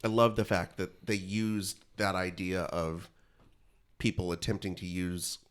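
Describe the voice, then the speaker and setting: Wry, low-voiced man on a podcast. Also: flat delivery, measured pace, fairly bright tone, clean tone. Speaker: podcast co-host. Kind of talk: casual chat.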